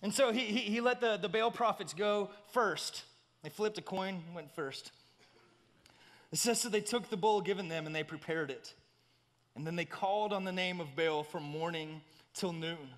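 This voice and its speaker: A man preaching a sermon in a large church, telling a story dramatically and swinging from loud cries to hushed passages. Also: high voice, moderate pace, in a large hall.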